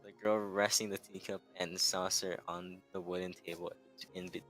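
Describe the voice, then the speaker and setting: Bright-toned man stumbling through a read-aloud. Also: low-pitched, little pitch movement, moderate pace, faint music behind, poor audio. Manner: stumbling over words while reading aloud. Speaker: co-host reading a visual novel. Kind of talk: casual read-along chat.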